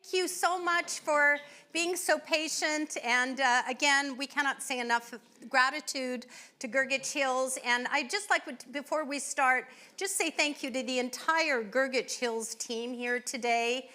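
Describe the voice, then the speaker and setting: A woman's voice: high voice, measured pace, bright, forceful tone. A woman hosting a live event, introducing guests with effusive thanks and frequent fillers. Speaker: event host. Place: winery event venue.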